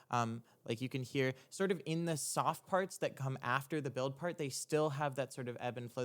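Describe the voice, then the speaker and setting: A young man in the middle of his range talks through his own music on a livestream. His voice is smooth and resonant, and his speech is loose and rambling, full of ums, false starts and the odd swear word. He comes across as a producer thinking aloud for his chat. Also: mid-range voice. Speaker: music producer streaming a track breakdown. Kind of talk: casual explanatory livestream talk.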